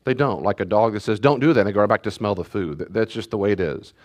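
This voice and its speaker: A male pastor with a lowish voice talks fast in a conversational teaching session. He tells stories with animation, laughing often and acting out what people said.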